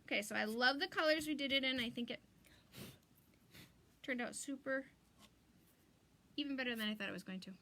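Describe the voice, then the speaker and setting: Pitched high and brisk, this woman's voice sounds pushed and bright, with frequent pauses and a bit of background noise. She's a middle-aged craft livestream host who rambles through a live demo, reading viewers' comments aloud as she works.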